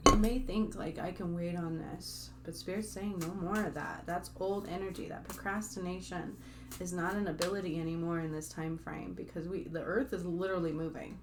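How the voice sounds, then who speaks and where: Over background noise, a woman speaks at normal speed in a fairly low, steady voice. She's a spiritual healer addressing her viewers on camera in a loose, chatty way, wandering off track, dropping in lots of fillers, and turning aside to talk to her audience.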